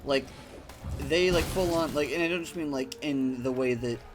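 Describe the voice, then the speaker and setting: Over music, a man with a mid-range voice offers casual let's-play commentary at a moderate pace as he games. This streamer rambles through a story, leaning on fillers and dropping the odd swear.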